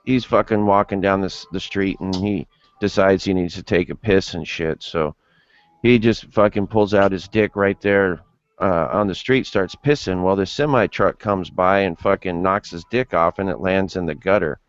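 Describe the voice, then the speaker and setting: A man's voice: low-pitched, moderate pace, no echo, soft background music. A man in casual livestream chat, rambling and profane, telling a crude joke over lo-fi stream audio. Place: home livestream.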